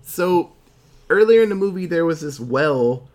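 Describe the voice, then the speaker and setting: A man's voice: fairly high pitch, animated, a little mellow. Guy recapping a movie plot on a podcast, chatty, does little voices for the characters. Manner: retells the plot, acting out characters in quick funny voices. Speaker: podcast co-host.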